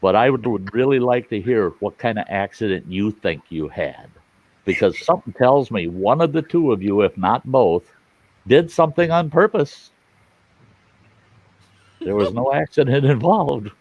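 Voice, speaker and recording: A man's voice: medium pitch, animated, normal speed, darkish tone, dry recording. A man hosting a live stream, telling bawdy jokes and chatting casually, laughing at his own lines. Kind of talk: casual joking chat. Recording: dry, dull lo-fi stream audio.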